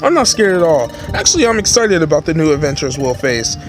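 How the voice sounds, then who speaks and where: A man voicing an eager, excitable young male creature partner in a game, earnest and friendly. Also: fairly high pitch, quick pace, soft background music.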